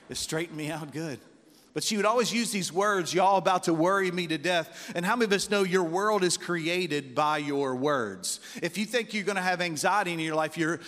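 A pastor preaching in a church hall, his fairly high voice trailing off into a long reverb. He tells homespun stories and keeps calling out to the congregation. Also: fairly bright tone. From West Virginia roots, United States. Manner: folksy storytelling with call-outs to the congregation. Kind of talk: sermon.

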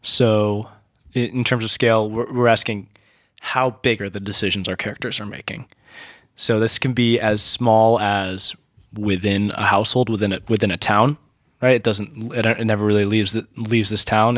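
Low-voiced man leading the game. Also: steady tone, a bit bright, no echo, studio quality. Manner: thinks aloud, halting restarts. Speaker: game master. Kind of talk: casual game planning chat.

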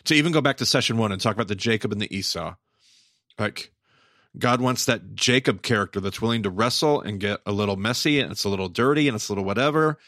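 A man co-hosting a podcast in casual chat, animated and quick to exclaim. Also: lowish voice, no room sound, studio quality. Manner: animated, exclaims, quotes himself. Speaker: podcast co-host and teacher.

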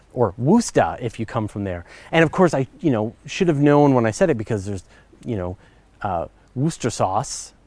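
A man's voice: mid-range voice, a little mellow, no echo. Chatty enthusiastic male podcast host. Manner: chatty and enthusiastic, with frequent fillers and self-corrections. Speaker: podcast host answering listener questions. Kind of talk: casual explanatory chat.

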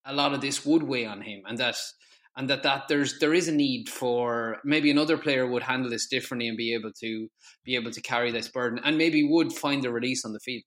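A man's voice: medium pitch, a little fast, fairly bright tone. A man, a panelist rambling hesitantly in casual football chat. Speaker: podcast panelist.

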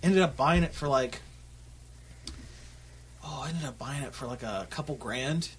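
A man's voice: mid-range voice, a little slow, slight background noise. A man co-hosting a casual podcast, laughing often and restarting his sentences. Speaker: podcast co-host.

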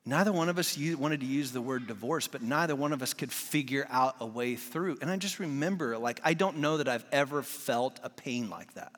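Male guest preacher, 40s, bright and forceful tone, casual storyteller, long church-hall reverb. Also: mid-range voice, brisk, hardly any pauses. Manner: candid, conversational storytelling. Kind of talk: sermon.

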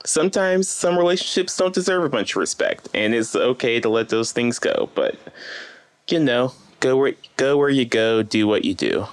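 A man's voice: mid-range voice, very animated, normal speed, clear, resonant tone. A young man co-hosting a casual podcast, wry and joking. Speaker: podcast co-host.

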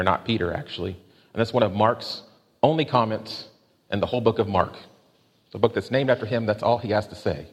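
A man preaching a sermon in a measured way, slowing down to stress questions and quotes. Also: fairly low pitch. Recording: long hall reverb.

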